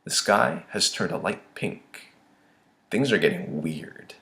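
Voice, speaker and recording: A young man reading his own short story aloud, expressive with dramatic swings in tone. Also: low voice, slow pace, vocal fry. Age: young adult.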